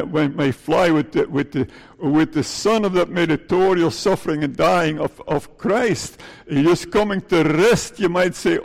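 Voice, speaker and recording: A male pastor preaching an earnest, halting sermon, often repeating phrases and tagging lines with "eh?". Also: on the high side, vocal fry, in a large hall.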